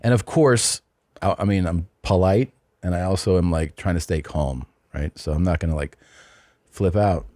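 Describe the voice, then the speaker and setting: A man's voice: low voice, moderate pace, mellow, no room sound, clean studio sound. A middle-aged man hosting a podcast, telling a long rambling anecdote in casual chat, often restarting and adding asides. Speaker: podcast host.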